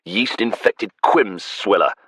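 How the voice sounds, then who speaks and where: A man's voice: on the low side, slow pace, a bit bright, husky, no echo, voice pushed up, exaggerated voice. A man voicing a blunt, wary young vampire hunter in an audiobook, speaking in a clipped, matter-of-fact way. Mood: cursing deadpan. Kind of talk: audiobook character voice. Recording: dry close studio sound.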